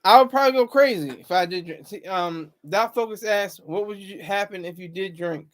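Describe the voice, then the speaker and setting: A man's voice: high voice, moderate pace. A man hosting a casual livestream, rambling and chatting with viewers in the comments. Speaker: livestream host.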